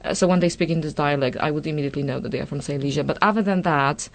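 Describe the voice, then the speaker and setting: A woman's voice: sits low, rapid-fire. A woman from Poland, chatting at length as a guest and often restarting her sentences. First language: Polish. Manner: thoughtful, talks at length with frequent restarts. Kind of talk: casual chat.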